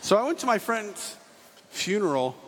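Animated man telling stories on stage. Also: sits high, moderate pace, slightly rough. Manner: animated, jokey, acts out quotes. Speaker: speaker giving a testimony talk. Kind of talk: storytelling talk to a live audience. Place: large hall on stage. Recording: reverberant hall with faint ambience.

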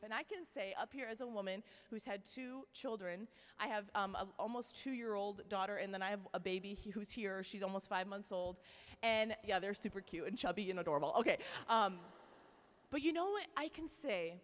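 A young woman giving a lively faith talk to women, chatty and playful with many likes and okays. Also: medium pitch, fairly quick, long reverb tail. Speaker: speaker at a Christian women's event.

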